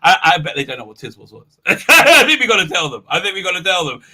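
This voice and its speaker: A man with an English accent hosting a livestream, rambling and crude, with lots of stammered restarts and loud laughs. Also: high voice, big pitch swings, fast, breathy edge. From England. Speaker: livestream host. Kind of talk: casual livestream chat.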